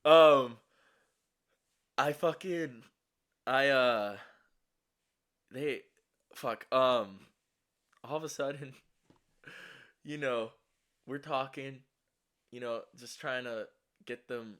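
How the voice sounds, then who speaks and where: A man's voice: mid-range voice, fairly bright tone. A young man telling a casual story, rambling and profane, with many restarts and fillers, audibly shaky and anxious.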